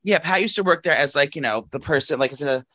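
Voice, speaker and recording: A man's voice: on the high side, quick pace, sharp tone. A man co-hosting a podcast, chatting casually and rambling with lots of fillers, restarts and swearing. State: out of breath. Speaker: podcast co-host. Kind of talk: casual chat. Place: New York apartment.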